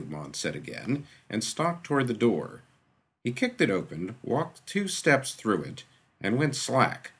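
A man narrating a fantasy story in an expressive storytelling manner. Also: mid-range voice, measured pace, breathy edge. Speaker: audiobook narrator. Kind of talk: scripted fiction narration.

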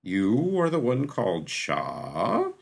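A man voicing a menacing one-eyed dark sorcerer who speaks slowly, with a heavy, doom-laden voice. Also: wildly swooping pitch, vocal fry, breathy edge, exaggerated voice. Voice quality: slow, booming, doom-laden.

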